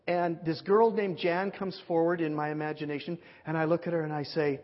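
Pastor type, man, slightly high and husky voice, spins animated anecdotes from the pulpit. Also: quick pace, few pauses. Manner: animated storyteller, acts out dialogue. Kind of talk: sermon storytelling. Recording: muffled sound with long hall reverb.

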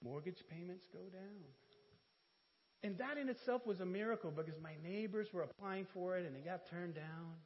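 A man giving an animated sermon testimony in church, telling stories with laughs and self-deprecating asides. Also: sits high, fairly quick, few pauses. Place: church hall. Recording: dull church hall audio with reverb.

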